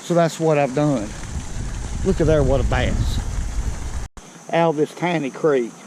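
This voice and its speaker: A man's voice: a little high, a little slow, background noise. An older man, chatting folksily to his viewers while fishing on a creek bank outdoors, a bit out of breath. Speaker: fishing vlogger. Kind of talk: casual outdoor vlog. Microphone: body-worn camera.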